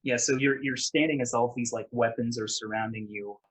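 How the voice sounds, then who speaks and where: Husky-voiced man running a tabletop game. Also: mid-range voice, fairly quick, poor audio. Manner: relaxed, with frequent fillers and rephrasing. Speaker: game master.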